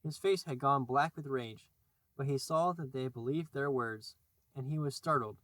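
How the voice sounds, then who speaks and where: A man narrating a classic children's novel as an audiobook, in a measured storytelling manner. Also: medium pitch, fairly bright tone, dry recording. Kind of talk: scripted narration.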